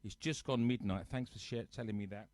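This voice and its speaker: A man's voice: lowish voice, brisk, darkish tone, no echo. A man casually chatting to live viewers on his home sofa show, teasing them and reading out their comments. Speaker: host of a live-streamed music show.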